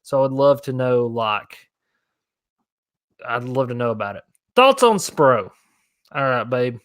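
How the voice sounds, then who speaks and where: A young man chats loosely through viewer questions on a fishing livestream. His voice sits at a middle pitch and is recorded close and dry, with no room sound. He rambles easily and stays casual. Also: animated, measured pace, no echo. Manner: laid-back, rambling, answering viewer questions. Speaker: fishing channel host.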